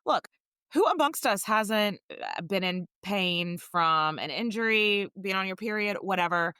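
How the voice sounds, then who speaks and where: A woman co-hosting a casual history podcast, telling the story in a jokey, swearing, animated way. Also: mid-range voice, measured pace, clean tone, dry recording, studio quality. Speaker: podcast co-host.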